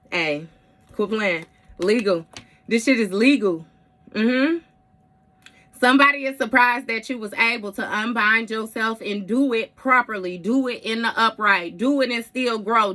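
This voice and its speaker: A woman's voice: on the high side, a bit bright. A woman giving a casual tarot reading in a blunt, heavily profane way, with frequent mm-hmms. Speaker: tarot reader.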